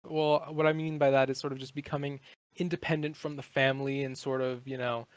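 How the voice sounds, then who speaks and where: A man's voice: medium pitch, level tone, fairly quick, clean tone, no room sound. A man in his twenties, a podcast guest, chatting casually in a rambling, profane way with many fillers. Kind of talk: casual chat.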